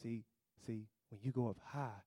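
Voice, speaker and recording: A man preaching a sermon, calling out to the congregation and swinging from loud declarations to hushed, drawn-out lines. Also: mid-range voice, steady tone, no echo, studio quality. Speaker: pastor. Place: church.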